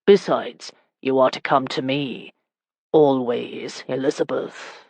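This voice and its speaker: Gruff, husky medieval lord, commanding and teasing, read by a woman narrator, low and dry. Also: a little slow, no echo.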